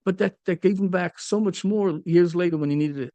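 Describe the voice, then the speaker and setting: A man, a rabbi, giving a Torah talk and telling a story, halting and repeating words as he goes. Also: high-pitched, mellow, dry recording, muffled recording. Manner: halting, repeats words, mixes in Yiddish and Hebrew.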